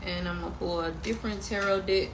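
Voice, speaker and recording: A woman's voice: lowish voice, steady tone, fast talker, noisy background. A woman giving a casual tarot reading and spiritual pep talk, emphatic and preachy with slangy asides. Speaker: tarot reader and spiritual guide.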